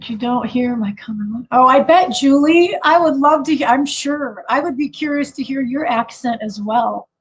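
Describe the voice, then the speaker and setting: A woman with a Chicago accent and a high voice hosts a casual livestream chat at a moderate pace with hardly any pauses. She laughs often and keeps stopping to restart, using lots of fillers, and the recording is rough.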